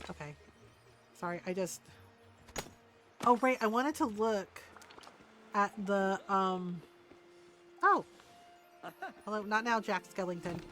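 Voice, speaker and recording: A woman's voice: medium pitch, fairly bright tone, a little hiss or hum. A woman streaming a game and chatting casually, rambling and often trailing off into ums. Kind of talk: casual chat while playing.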